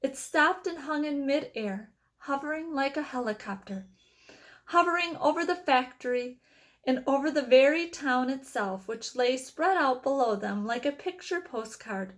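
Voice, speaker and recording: A woman reading a children's novel aloud with expressive storytelling. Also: sits high, moderate pace. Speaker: reader.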